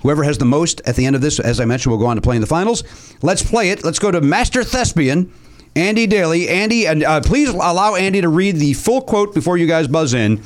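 Male host, comedy game-show podcast, joking and animated, higher voice. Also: fairly quick.

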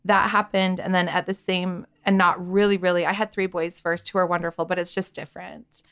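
Gravelly low-voiced woman telling her story. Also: little pitch movement, brisk, a bit bright. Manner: candid, chatty, full of "like" and quoted inner thoughts. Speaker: podcast guest. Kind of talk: personal storytelling in a podcast interview.

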